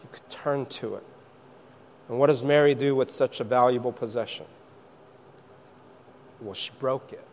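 A man's voice: mid-range voice, big-room sound. A man preaching a sermon, telling the story playfully and slipping into acted voices for the characters. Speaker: pastor.

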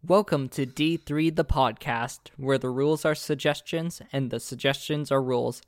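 A man's voice: mid-range voice, normal speed. A young man as game master, narrating a tabletop game in a loose, casual way, with fillers and restarts.

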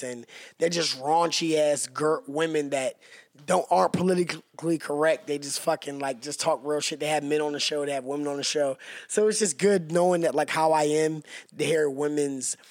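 A man's voice: fairly high pitch, steady tone, moderate pace, no room sound, clean studio sound. A man chatting casually as a guest on a podcast, loose and profane, often slipping into playful bits.

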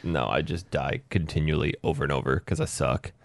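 A man's voice: very deep voice, fairly quick, vocal fry, no echo. A man co-hosting a casual podcast, chatting and joking dryly. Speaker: podcast co-host. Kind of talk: casual chat over a call.

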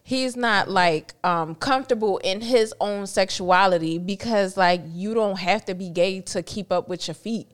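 Female podcast host, smooth clear voice, blunt and outspoken in relaxed chat. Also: mid-range voice, a little slow, hardly any pauses. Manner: blunt, outspoken, swears freely. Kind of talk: casual chat.

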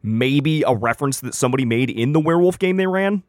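Exasperated man with a lively voice. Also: mid-range voice, fast, dry recording, clean studio sound. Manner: exasperated, swears freely. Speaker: game master and show creator. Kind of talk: casual podcast banter.

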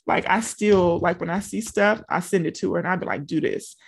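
A woman's voice: on the low side, brisk, vocal fry, husky. A middle-aged woman from small-town Louisiana, a business coach talking casually and directly to her listeners with many asides. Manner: chatty, talks straight to listeners with frequent asides. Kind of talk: casual motivational talk.

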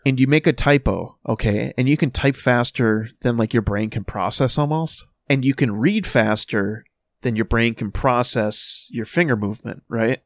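A man co-hosting a podcast, chatting casually and griping with plenty of swearing. His voice sits at an ordinary middle pitch. The recording is dry and close. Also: no room sound. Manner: profane, grumbling, quick-tempered. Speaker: podcast co-host.

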